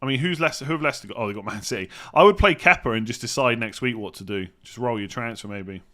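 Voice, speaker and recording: Bright-voiced English man thinking aloud. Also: medium pitch, fast talker. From England. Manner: rambling, thinks aloud, hums while reading. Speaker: fantasy football streamer. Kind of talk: live stream Q&A.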